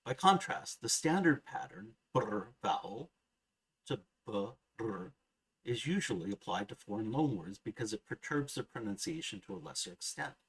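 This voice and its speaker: A man narrating a scripted grammar lesson, measured and precise, slowly sounding out each example word. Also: fairly low pitch, big pitch swings, a bit bright, husky, low-quality recording. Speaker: language teacher.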